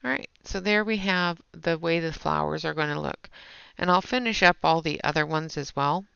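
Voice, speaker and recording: While showing her colouring live, the host chats casually with viewers. She speaks low and gravelly at a moderate pace, her tone clean and fairly bright, with no echo in the dull, lo-fi stream audio.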